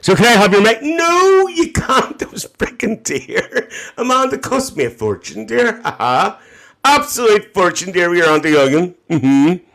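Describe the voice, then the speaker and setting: A man's voice: sits high, big pitch swings, a little slow, creaky, a bit bright, full character voice. A man with a Northern Irish accent voicing a cheeky, gossiping middle-aged auntie on a phone livestream. He chats away, reads out viewer comments, calls everyone "dear" and laughs often. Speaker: livestream host. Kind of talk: live-stream chat reading viewer comments.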